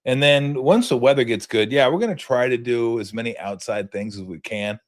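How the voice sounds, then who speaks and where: Animated man telling a story. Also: mid-range voice, fairly quick. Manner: animated, laughing storyteller with many fillers and restarts. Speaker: podcast host. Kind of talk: casual storytelling monologue.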